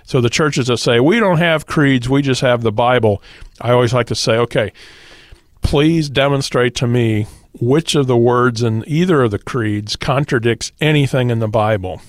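A man's voice: medium pitch, normal speed, no echo, studio quality. A man, a pastor guest on a radio talk show, explaining doctrine in a teacherly way and quoting scripture. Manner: teacherly, quotes scripture, occasional fillers.

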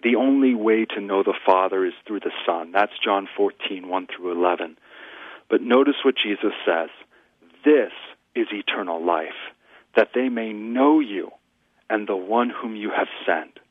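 A man with a fairly low voice teaching as a guest pastor, earnest and measured as he quotes scripture. The sound is thin and dry, like a phone call into a radio studio. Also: no room sound. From United States. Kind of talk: radio sermon-style teaching. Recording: dry tinny phone line.

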